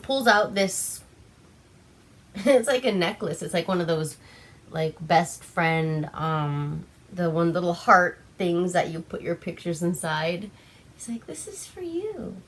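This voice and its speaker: A woman's voice: lowish voice, slow. A young woman from Alaska hosting a casual movie recap, chatty and giggly with lots of fillers, a little tipsy on wine. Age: young adult. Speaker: vlog host.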